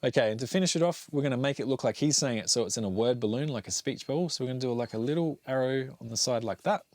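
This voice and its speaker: Upbeat dad hosting a drawing tutorial. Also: male voice, medium pitch, fast, a little mellow, no echo. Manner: upbeat, encouraging, chatty. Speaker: art tutorial host and dad. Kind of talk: casual drawing tutorial with his child.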